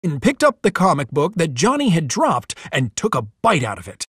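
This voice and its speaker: Very expressive man reading a storybook. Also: fairly high pitch, normal speed, slightly rough, no room sound, studio quality. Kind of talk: reading a children's storybook aloud.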